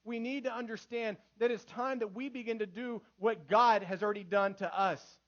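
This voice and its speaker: A man in his thirties preaching a sermon in church, lively and full of acted quotes. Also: high voice, moderate pace, dull audio. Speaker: pastor.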